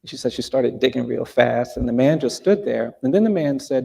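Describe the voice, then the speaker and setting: A man speaking as a guest at a live event, telling a story in a measured, deliberate way with pauses. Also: mid-range voice, lively intonation, gravelly, mellow, breathy edge. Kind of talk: earnest storytelling in a live conversation. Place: event hall before a live audience.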